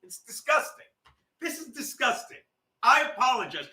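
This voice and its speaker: A man's voice: extremely high pitch, very animated, unhurried, long pauses, sharp tone, breathy edge. A man in his thirties hosting his podcast from his couch at home. He rants in a rambling, profane, worked-up way and keeps stopping to fix his camera. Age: 30s. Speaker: podcast host. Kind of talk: profane livestream rant.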